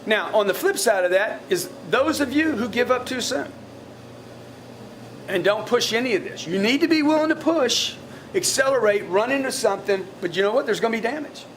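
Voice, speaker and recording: A man's voice: very high-pitched, expressive, moderate pace, slight background noise. A man coaching his sales staff in a live group session, blunt and profane, often repeating words as he restarts a thought. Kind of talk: blunt motivational coaching talk to a team.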